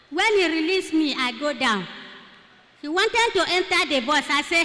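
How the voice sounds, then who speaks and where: A woman's voice: sits high, expressive, normal speed, bright, forceful tone. A Nigerian woman giving a testimony in church, telling her story with Pidgin phrases mixed in. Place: church hall. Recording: echoey church hall.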